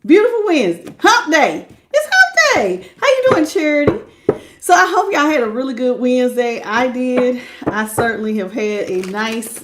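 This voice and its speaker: A woman with a high, bright-pitched voice hosts a live-stream tarot reading. She talks in a casual, folksy way, greets her viewers one by one by name, and laughs often between card pulls. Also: noisy background. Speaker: tarot reader.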